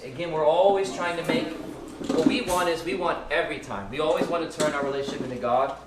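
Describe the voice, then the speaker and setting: A man's voice: on the high side, fast talker. A man teaching a live class in a loose, rambling way, with many restarts and fillers and jokes for the listeners. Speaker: ministry school teacher. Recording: echoey room, mic at a distance, faint background noise.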